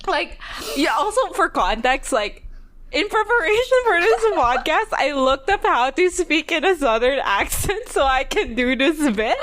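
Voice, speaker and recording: A woman co-hosting a podcast recaps a TV episode in casual chat, her high, fairly bright voice swinging widely in pitch at a moderate pace. She giggles and rambles as she quotes the characters.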